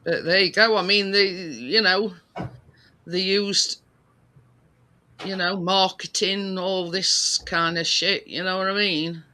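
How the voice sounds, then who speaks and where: A man's voice: high-pitched, steady tone, slow, bright, forceful tone. A British man in casual chat as a co-host, rambling with lots of restarts and fillers. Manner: rambling, many restarts and fillers, laughs easily.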